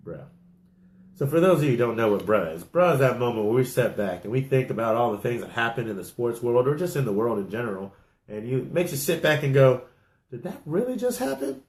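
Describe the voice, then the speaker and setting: A man's voice: medium pitch, animated, fast talker. Joking sports-show man in an echoey room. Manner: joking, laughs often. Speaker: podcast co-host. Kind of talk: casual sports talk show.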